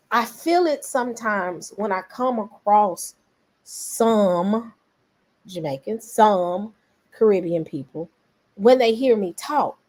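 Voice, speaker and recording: A woman from Memphis with a Southern accent, hosting a casual commentary vlog, animated and rambling as she talks straight to her viewers. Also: fairly high pitch. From Memphis, Tennessee. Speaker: vlogger host.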